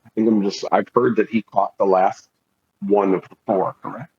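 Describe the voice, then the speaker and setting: A man with a low, husky voice asks about the rules as he plays a tabletop game. His line sounds dull and muffled. The sound is close and dry. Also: steady tone, moderate pace, dry recording. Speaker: player. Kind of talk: casual tabletop chat.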